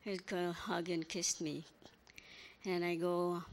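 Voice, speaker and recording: An older woman giving a halting, emotional memorial speech as a grandmother, full of apologies and small stories. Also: lowish voice, level tone. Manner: halting, apologetic, tells little anecdotes.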